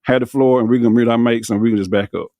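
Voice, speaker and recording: A man's voice: mid-range voice, fairly even intonation, rapid-fire, mellow, dry recording, studio quality. A man hosting a faith podcast, speaking fervently with many repeated "you know"s. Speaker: podcast host. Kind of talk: casual faith talk.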